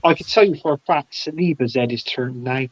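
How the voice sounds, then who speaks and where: A man's voice: mid-range voice, a little fast, no room sound. Guest, male, casual football talk; blunt and heated, trips over his words; muffled, dead-dry audio. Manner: blunt, heated opinions with stumbling restarts. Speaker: podcast guest.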